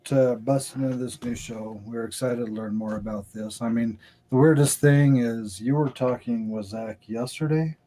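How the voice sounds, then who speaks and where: A man's voice: medium pitch, steady tone, moderate pace, mellow. A man in a casual live chat, easygoing and joking, tending to ramble.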